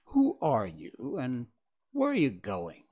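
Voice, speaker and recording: Male narrator voicing a kindly mother stork for a storybook, unhurried and matter-of-fact. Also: mid-range voice, wildly swooping pitch, a little mellow, breathy edge, exaggerated voice. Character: kind mother stork, helpful and brisk.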